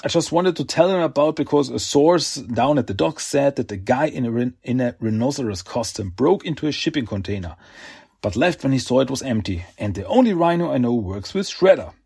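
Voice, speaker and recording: Dude doing a chatty young reporter lady, rushing thru her news, husky. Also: mid-range voice, expressive, a little mellow. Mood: urgent.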